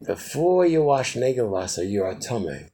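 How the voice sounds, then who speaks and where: An older man giving an informal Chassidic teaching to a small group, telling stories animatedly and swinging from loud exclamations to quiet asides. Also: poor audio. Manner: animated storyteller, quick shifts from loud exclamations to low asides.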